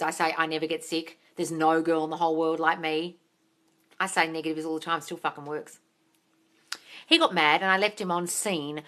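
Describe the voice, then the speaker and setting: A woman hosts a live Q&A, reading out viewer comments and answering with gushing, excitable energy. Her voice is bright and forceful, and she swears casually and calls everyone darling. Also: on the low side. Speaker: manifestation coach and live-stream host.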